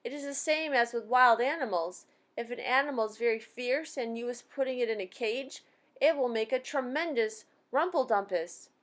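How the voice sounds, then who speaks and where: Woman voicing a big gentle male giant, excitable, jumbled grammar, invented words, storybook reading. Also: on the high side. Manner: mangled grammar and made-up words, cries out.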